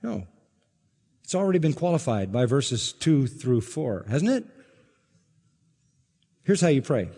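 A man preaching an expository sermon, emphatic, swinging from loud exclaims to low asides and asking the congregation questions. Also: sing-song, measured pace, pauses often, breathy edge, long reverb tail. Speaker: pastor.

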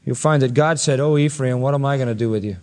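A man's voice: mid-range voice, fast talker, a little mellow, long reverb tail. A male pastor preaching an expository sermon, earnest and rising to emphatic peaks when quoting scripture.

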